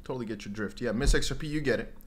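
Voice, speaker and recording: A young man hosting a crypto livestream rambles casually as he reads out viewer comments, often slipping into mock voices and exclamations. He speaks at a medium pitch in a rapid-fire, animated way.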